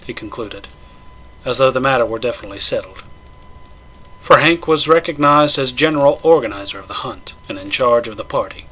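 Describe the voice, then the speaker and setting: Bright, husky male story narrator. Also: medium pitch, moderate pace. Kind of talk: dramatic audiobook narration.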